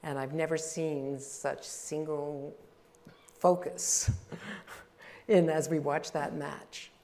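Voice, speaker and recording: Gravelly low-voiced woman interviewer. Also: little pitch movement, slow, mellow. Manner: conversational, chatty questioning. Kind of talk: panel interview.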